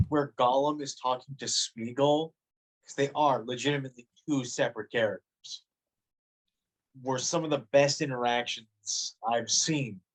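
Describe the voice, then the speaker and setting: Young man eagerly sharing film trivia. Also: mid-range voice. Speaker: podcast co-host. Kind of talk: casual podcast chat.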